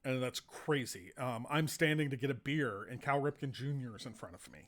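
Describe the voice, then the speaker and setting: A man's voice: medium pitch, a little fast. American guy just chatting on a podcast, loose rambling stories, lots of fillers. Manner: rambling, relaxed anecdotes with many fillers. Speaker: podcast host and baseball writer. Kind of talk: casual storytelling chat.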